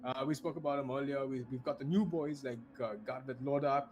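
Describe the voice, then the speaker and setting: Speaking a little fast in a mid-range, slightly mellow voice with a steady tone, an Indian esports commentator narrates a live online race. The delivery is chatty, laughter comes easily, and he restarts his lines frequently.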